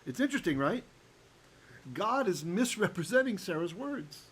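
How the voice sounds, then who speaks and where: A man teaching a Torah lesson as a rabbi, animated and often checking in with his listeners, sometimes chanting verses. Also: high voice, normal speed, husky, rough recording.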